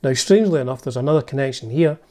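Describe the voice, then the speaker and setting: Mellow-voiced Scottish man telling band history. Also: mid-range voice, rapid-fire. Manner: chatty, enthusiastic fan talk with asides. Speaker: music channel host. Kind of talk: narrated music history video.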